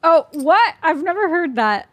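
A woman's voice: extremely high pitch, big pitch swings, unhurried, no room sound. A woman streaming a game, reacting with jumpy screams, swearing and laughter. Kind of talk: live gameplay reactions.

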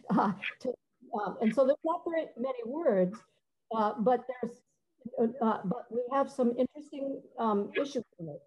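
A woman's voice: a little high, animated, a little mellow. Woman, middle-aged, composer on a muffled call; stop-start delivery, sings brief examples. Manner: halting, searching for words, sings short phrases to demonstrate. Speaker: composer giving a talk. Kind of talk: conversational talk with many fillers and restarts.

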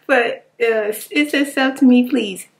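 A woman chatting casually on her vlog, expressive and informal, laughing often and slipping at times into a whisper. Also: a little high, slow. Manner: informal, animated storytelling. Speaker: ASMR vlogger. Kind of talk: casual rambling chat reading viewer comments.

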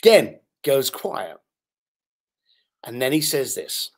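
A man's voice: sits high, animated, moderate pace, a bit bright. A man, a podcast guest, telling anecdotes with animation and acting out the voices of the people in them. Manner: acts out other people's voices while telling stories.

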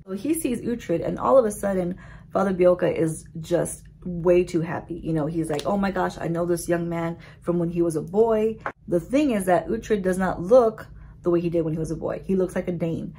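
A woman beauty vlogger recapping a story in a chatty, animated way, with casual swearing. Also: lowish voice, vocal fry, breathy edge.

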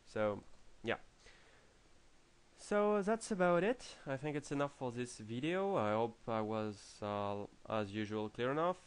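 French guy talking slow thru a coding tutorial, lots of uhs and restarts. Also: medium pitch, sing-song, clean tone. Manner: halting, many fillers and restarts. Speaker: programming tutor. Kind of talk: screen-recorded coding tutorial.

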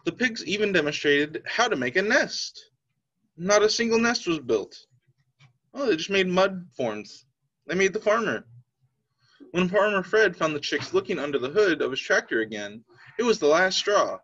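A man's voice: high voice, sing-song, normal speed, a bit bright. A man teacher reading a children's picture book aloud, telling the story expressively. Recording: slightly dull lo-fi sound.

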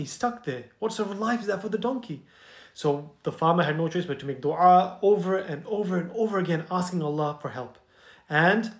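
A man hosting a children's show, narrating a bedtime story in a gentle, chatty way and asking listeners questions, in a roomy-sounding recording. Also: a little high. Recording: roomy echo.

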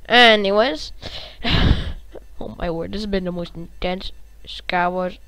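A woman hosting a gaming channel, giving live gameplay commentary in an excitable, reactive way, cursing and humming little tunes. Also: medium pitch, slow, dry recording, poor audio.

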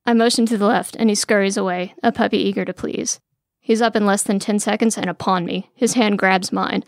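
Reading a first-person tale, the narrator sounds sardonic, tired and wry, her medium-pitched voice carrying a gravelly fry. She goes a little fast with fairly even intonation, recorded close and dry with no room around it.

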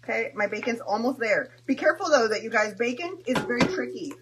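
A woman's voice: on the high side, animated, fast, noisy background. A young woman chatting and joking through a home cooking stream, tossing in Spanish words. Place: home kitchen.

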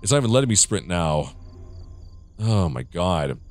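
Young male streamer, lively swooping voice, jumpy, profane, self-mocking horror commentary. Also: deep voice, moderate pace, faint music behind. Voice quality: jittery, jokey, swears a lot. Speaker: gaming streamer. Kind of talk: horror game let's play commentary.

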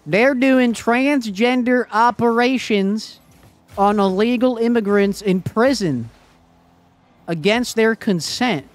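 Man playing a high-pitched conspiracy theorist, loud, alarmed, gullible, dry sound. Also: slow, no room sound. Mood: mock outrage. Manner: loud, exaggerated mock outrage.

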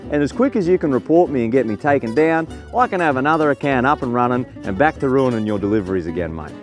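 A man's voice: medium pitch, lively intonation, fast, soft background music, natural voice. An Australian man playing a brash, cocky male food delivery driver in a comedy sketch, boastful and swearing constantly.

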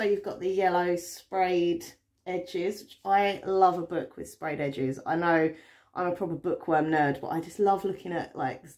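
Talking to the camera in a relaxed way, a woman from England gushes about books she's just gotten, wandering off on tangents and filling gaps with ums and likes. She has a fairly low pitch and a darkish tone.

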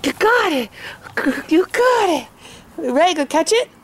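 A woman's voice: very high voice, very animated, measured pace, slight background noise. A woman talking baby talk to her dog into a camcorder, coaxing and repeating praise in a sing-song way. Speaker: dog owner.

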